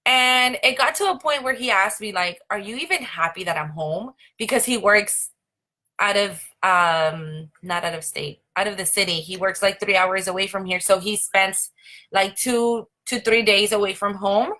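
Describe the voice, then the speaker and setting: Bright-voiced chatty young woman. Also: medium pitch, moderate pace. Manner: chatty, many fillers like "like" and "um". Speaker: host. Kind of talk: casual live-stream talk.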